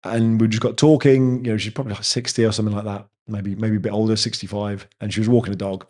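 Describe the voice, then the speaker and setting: A man's voice: fairly low pitch, little pitch movement, quick pace, darkish tone. A man, hosting a casual live chat with viewers and telling rambling stories. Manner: rambling, chatty storyteller. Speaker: host answering viewer chat.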